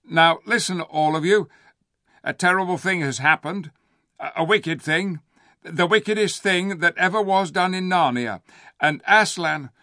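A man's voice: sits high, normal speed, dry recording, studio quality, pitched above the performer's own voice. A man voicing a cowardly, scheming male ape who shrieks and stammers his proclamations in a storybook reading. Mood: nervous proclaiming. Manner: screeching, stammering, excitable.

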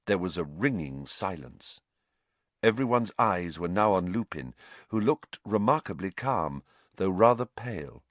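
Slow, expressive male audiobook narrator. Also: low voice, no echo. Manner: dramatic, expressive reading.

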